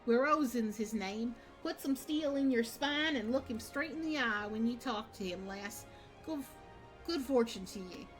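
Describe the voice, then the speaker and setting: A woman voicing a long-winded female guild clerk from a seaport, with a US Southern accent and old-fashioned, drawn-out dialect speech. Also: fairly high pitch, soft background music, natural voice. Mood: brisk.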